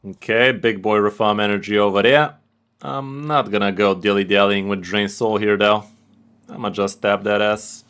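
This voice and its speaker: A man streaming a card game, with casual, excitable and profane commentary. His voice sits on the lower side, and he trash-talks his opponents. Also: normal speed, clear, resonant tone.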